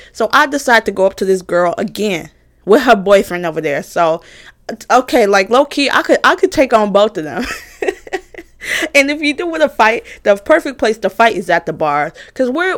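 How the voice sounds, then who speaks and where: A college student vlogger in her twenties tells a heated storytime about a former roommate, speaking straight to her viewers in a casual, animated way at a moderate pace. Her voice is a little high, she swears freely, and she jumps between exasperation and mocking comebacks.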